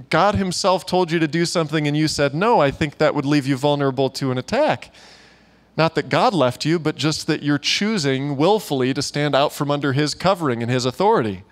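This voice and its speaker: A man preaching to a church gathering, telling a story in a lively way and acting out the voices of the people in it. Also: fairly high pitch, moderate pace. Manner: animated storyteller who acts out quoted voices and laughs often. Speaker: pastor. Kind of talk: sermon storytelling. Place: church meeting room.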